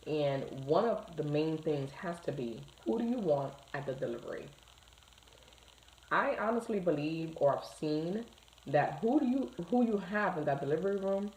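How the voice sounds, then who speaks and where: A woman's voice: low-pitched, darkish tone, reverberant, a little hiss or hum, poor audio. A woman, a doula telling a personal story in a chatty, casual way with many restarts. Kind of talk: casual talk to camera.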